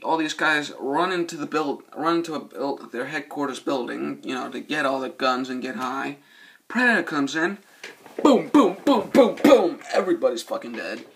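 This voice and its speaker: A man's voice: medium pitch, slight background noise. A man doing a casual, rambling movie review, cursing a lot and losing his train of thought. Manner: profane, excitable, loses his train of thought.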